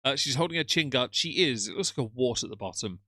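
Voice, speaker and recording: Dry-humoured man, bright and close. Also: medium pitch, animated, fast, no room sound. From England. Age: middle-aged. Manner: dry, teasing, sardonic. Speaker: live streamer. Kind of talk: casual stream chat, reading comments.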